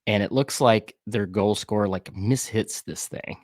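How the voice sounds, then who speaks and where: Southern man, low voice, soccer podcast co-host. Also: a little slow, no room sound, clean studio sound. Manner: relaxed, rambling with fillers and restarts. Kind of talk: casual sports chat.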